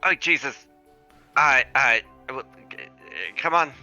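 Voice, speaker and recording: A man's voice: mid-range voice, takes it slowly, pushed and bright, soft background music. A man playing a tabletop game, casual and reactive. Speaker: player. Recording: dull lo-fi mic.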